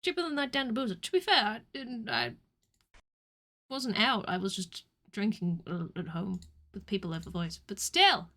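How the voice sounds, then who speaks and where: A woman streamer chatting casually over a game, self-mocking and prone to sudden loud shouting. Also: medium pitch, expressive, moderate pace. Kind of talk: casual gameplay commentary. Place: home.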